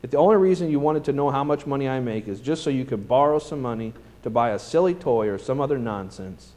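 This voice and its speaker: A man voicing a tired, irritated father who speaks gruffly and loses his temper. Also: mid-range voice, lively intonation, fast, darkish tone, lightly acted. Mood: angry.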